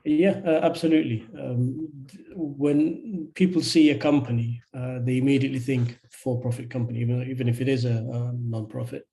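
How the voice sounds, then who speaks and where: Measured man advising on a webinar. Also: medium pitch, steady tone, vocal fry, dark tone, poor audio. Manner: measured, hesitant with many fillers. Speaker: charity registration advisor. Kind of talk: webinar Q&A answers. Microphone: video call.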